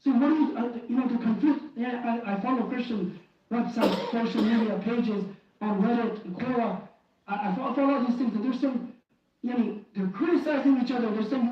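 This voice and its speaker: In a mosque prayer hall, a man with a very high-pitched, slightly fast voice gives an impassioned Friday sermon, pleading and fervent, often restarting and repeating phrases. The recording is very echoey, distant and dull.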